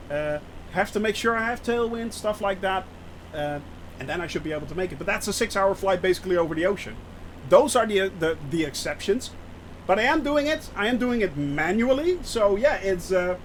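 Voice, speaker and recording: A man's voice: high voice, slight background noise. A man streaming a flight simulator and chatting with viewers in a rambling, giggly way, often breaking off to laugh. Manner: rambling, giggly, talks to chat. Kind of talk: live-stream chat with viewers.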